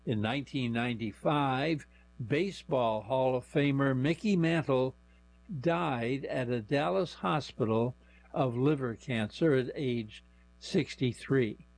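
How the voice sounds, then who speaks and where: Radio reader: older man, raspy, unhurried, sometimes trips on names. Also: mid-range voice, darkish tone, dry recording. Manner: unhurried, stumbles over names. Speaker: volunteer newspaper reader. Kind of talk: reading news aloud on radio.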